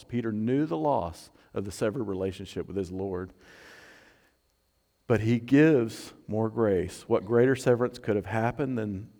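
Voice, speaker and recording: Pastor guy preaching, earnest, goes quiet then fired up, kinda low voice, big echoey hall. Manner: earnest, swings from hushed to fervent. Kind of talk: sermon.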